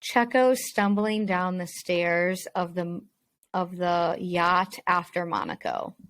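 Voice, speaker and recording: A woman's voice: fairly low pitch, fairly even intonation, slow pace, a bit bright, no echo. A woman co-hosting a casual sports podcast, emphatic and jokingly exasperated. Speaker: podcast co-host. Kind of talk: casual chat.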